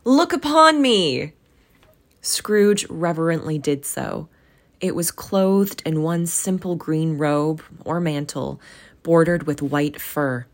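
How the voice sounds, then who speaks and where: A young adult woman reading a classic story aloud, then chatting affectionately with her listeners. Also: deep voice. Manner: warm, affectionate, encouraging. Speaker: audiobook reader and podcast host. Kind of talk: storybook reading and casual sign-off.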